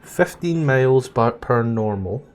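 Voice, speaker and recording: A Scottish man narrating and ruling as game master, easygoing, with fillers and throat clearing. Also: medium pitch, animated, measured pace.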